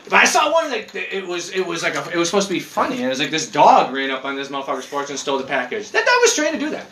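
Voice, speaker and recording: A man hosting a casual podcast from his couch, ranting in a profane, animated way. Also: on the high side, fast talker, slight background noise. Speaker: podcast host. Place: living room at home, on a couch. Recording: echoey room.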